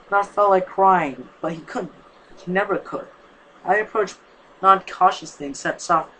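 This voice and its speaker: A man's voice: high-pitched, normal speed, pushed and bright, a little hiss or hum, rough recording. A man casually reading a fanfic aloud, stumbling and correcting himself, his voice strained from a sore neck. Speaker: fanfic reader.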